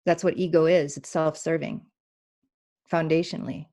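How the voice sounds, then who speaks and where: Lively woman giving a spiritual reading. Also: sits low, moderate pace. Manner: animated, acts out inner voices, laughs often. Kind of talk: spiritual reading on a talk show.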